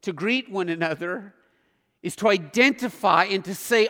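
A man preaching a sermon as pastor, earnest, with emphatic pauses. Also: high voice, bright, forceful tone, in a large hall.

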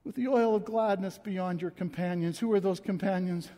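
High-voiced impassioned man preaching. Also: steady tone, normal speed, mellow. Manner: impassioned, emotional, repeats words for emphasis. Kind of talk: sermon. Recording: long reverb from a large hall.

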